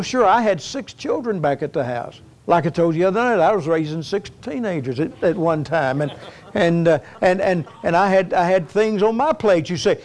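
A man's voice: high-pitched, darkish tone. A middle-aged man preaching a sermon, retelling a story with many repeated words and rising to emphatic peaks. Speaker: pastor.

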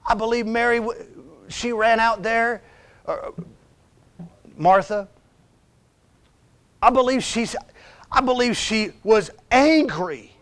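A middle-aged male pastor preaching a sermon. He is emphatic and personal, and swings between hushed confiding and raised emphasis. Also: very high-pitched, takes it slowly, long pauses.

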